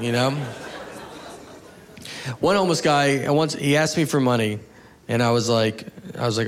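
A man's voice: a little high, moderate pace, pauses often. A man doing a stand-up routine, telling observational stories in a laid-back way. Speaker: stand-up comedian. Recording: club recording with audience noise.

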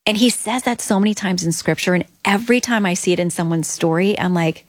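A woman's voice: fairly low pitch, quick pace, no room sound. A middle-aged woman as an interview guest, telling an earnest personal faith story and acting out her own prayers.

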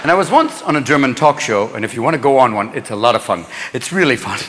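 A man doing a profane, animated stand-up routine on stage in a large hall, with an audience laughing. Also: mid-range voice, fast talker, faint music behind. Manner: profane, animated, jumps into voices. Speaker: stand-up comedian. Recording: live hall with loud crowd.

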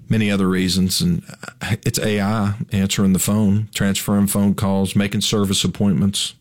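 A man hosting a radio car advice show, talking in a folksy, wry, chatty way. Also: on the low side. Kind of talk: casual radio monologue.

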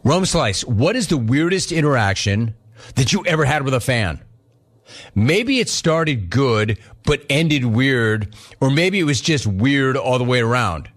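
A middle-aged man hosts a sports talk show and reads listener questions in a relaxed, conversational way. His voice sits in an ordinary middle register. He tells his stories with energy and acts out the dialogue as he goes. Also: medium pitch, a little slow. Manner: animated storytelling, acts out quoted dialogue. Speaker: sports radio host. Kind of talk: casual listener Q&A chat.

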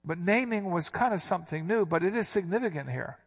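Emphatic preacher, a man with higher voice. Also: animated, a little fast, husky. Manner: teaching, emphatic, explains Greek words. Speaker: pastor. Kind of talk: sermon.

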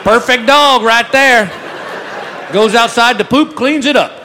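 A married man doing a stand-up comedy set, telling stories with deadpan, drawn-out punchlines. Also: very high voice. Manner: deadpan storytelling with drawled punchlines. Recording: live club mic with audience noise. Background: laughing crowd.

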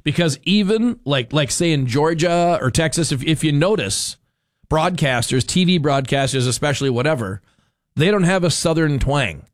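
A man's voice: a little high, animated, normal speed, no echo, clean studio sound. A man hosting a radio talk show, chatting in a rambling, opinionated way full of fillers and restarts.

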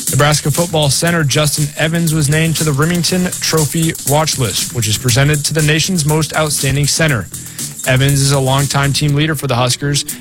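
A man reading a scripted sports news ticker for a radio network in an even, measured newsreader style. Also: a little high.

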